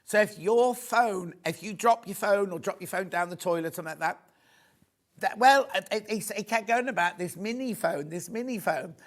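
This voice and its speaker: Speaking at a moderate pace, a man with a high-pitched, slightly bright voice presents live on a shopping channel from a TV studio. His sales talk gushes and wanders, with many asides along the way.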